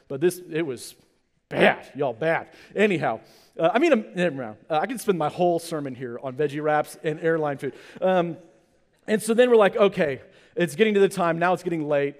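A man in his thirties, a pastor telling a comic personal story in his sermon, acting out the people in it. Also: on the high side. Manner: animated, comic storytelling with acted-out quotes. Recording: long hall reverb.

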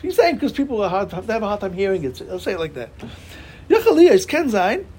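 A man's voice: sits high, big pitch swings, racing, darkish tone, husky. A man giving a Torah class, talking animatedly and asking his listeners rhetorical questions. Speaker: Torah teacher.

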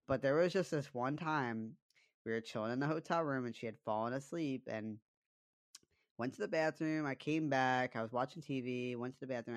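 A man's voice: mid-range voice, no echo. A young man co-hosting a podcast, telling a personal story in a casual, confessional way, full of fillers and swearing. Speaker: podcast co-host.

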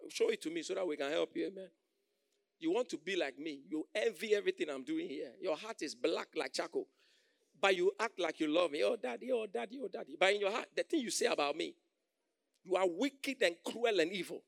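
Gravelly high-voiced preacher man. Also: brisk, no echo, clean studio sound. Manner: call-and-response, acts out quoted voices, swings loud and soft. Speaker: pastor. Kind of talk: sermon.

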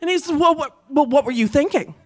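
Speaking fast in a high voice, a woman recounts a comic personal episode full of profanity and energy. Quoted lines get shouted and acted out, and laughter runs through the whole telling.

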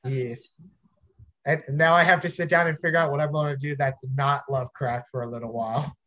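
A man's voice: medium pitch, steady tone, brisk, bright, forceful tone. A man hosting a podcast in casual chat, musing with hesitant restarts. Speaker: podcast host.

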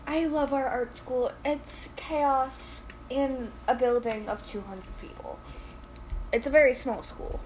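A teenage girl co-hosting a casual podcast, loud, teasing and quick to laugh. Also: sits high, steady tone, a little hiss or hum, low-quality recording. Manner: giggly, loud, quick to tease. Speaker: podcast co-host. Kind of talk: casual chat.

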